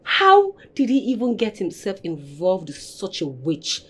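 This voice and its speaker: An actress playing a young, hardworking maid, speaking with a Nigerian English accent in an indignant, grumbling way. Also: female voice, mid-range voice, huge pitch swings, unhurried, a bit bright, slight background noise. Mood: outraged. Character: young woman, a hardworking, put-upon maid. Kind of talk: Nigerian movie acting.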